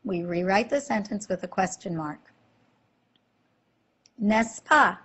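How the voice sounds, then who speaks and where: Breathy woman teaching a lesson. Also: medium pitch, expressive, a bit bright. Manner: slow, clear explanations with quizzing questions. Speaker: French teacher. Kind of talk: slide-based language lesson.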